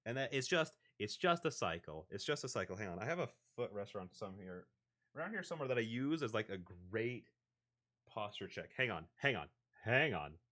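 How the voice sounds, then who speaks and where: A young livestreamer talks into a desk microphone at his home desk, his lowish voice sing-song, fairly quick, bright, and forceful. His casual stream chat rambles, heavy on fillers, restarts, and self-corrections.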